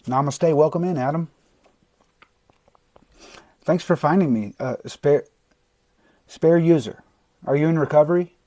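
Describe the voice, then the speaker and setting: A man streaming live as a recovery coach, talking bluntly to his viewers and swearing often, with sudden shouting and long stretches of quieter, softer talk. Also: on the high side, unhurried, pauses often, dry recording. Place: indoors, livestream. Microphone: phone or webcam mic.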